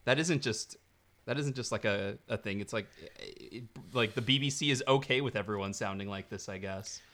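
A man's voice: on the low side, normal speed, a bit bright. A man co-hosting a podcast in casual chat, hesitant and agreeable, often trailing off. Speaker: podcast co-host.

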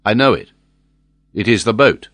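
A man's voice: lowish voice, normal speed, a bit bright, dry recording, close to an everyday voice. A man voicing a firm sea captain. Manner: crisp orders, firm. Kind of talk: audiobook character voice.

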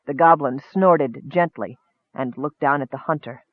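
A man narrating a fantasy story in steady, vivid audiobook style. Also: mid-range voice, normal speed, dry recording. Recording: dry, narrow phone-like sound.

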